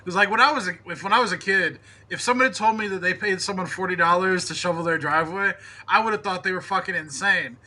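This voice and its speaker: A man's voice: sits high, fast talker, few pauses, bright, forceful tone. A man on a podcast in loose, profane, self-mocking casual chat. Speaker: podcast co-host.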